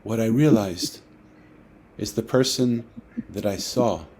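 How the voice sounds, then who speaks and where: A man, an author, telling a personal story in a lively way and acting out the dialogue, over a video call. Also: fairly low pitch, slow pace, breathy edge. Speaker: author guest. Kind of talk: storytelling talk.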